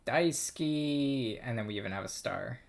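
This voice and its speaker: A man's voice: lowish voice, lively intonation, measured pace, fairly bright tone. A man casually reading through a text, thinking aloud in a hesitant, self-amused way. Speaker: language learner reading a game aloud.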